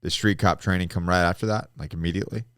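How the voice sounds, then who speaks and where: A man's voice: deep voice, fairly even intonation, very fast, fairly bright tone, clear, resonant tone, no room sound, studio quality. A man hosting a casual podcast interview, asking probing questions and giving short reactions. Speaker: podcast host.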